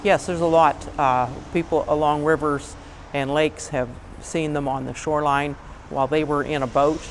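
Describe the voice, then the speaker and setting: A man's voice: a little high, flat delivery, normal speed, a little hiss or hum, rough recording. A man in a documentary interview speaking in a plain, matter-of-fact way.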